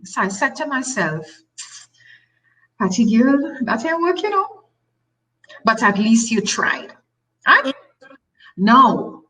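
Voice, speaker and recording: A woman's voice: mid-range voice, poor audio. A middle-aged woman with a Tobagonian accent, a talk show guest telling a personal story with emphatic repetition. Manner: emphatic, repeats phrases, animated storytelling.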